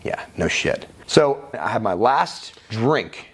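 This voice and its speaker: A man's voice: on the low side, big pitch swings, slow pace, husky. A man guest in an interview, telling his own life story in a frank, conversational way with casual swearing. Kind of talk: candid personal storytelling.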